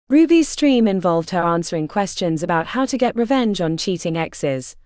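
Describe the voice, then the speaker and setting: Lively woman narrating an audiobook. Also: medium pitch, no echo, clean studio sound. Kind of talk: scripted narration.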